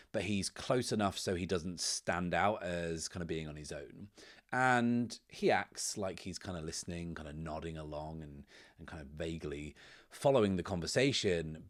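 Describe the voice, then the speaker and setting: A man hosting a solo tabletop game, casually narrating and explaining rules, whispering to himself as he rolls dice. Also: low-pitched. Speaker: host and solo game player.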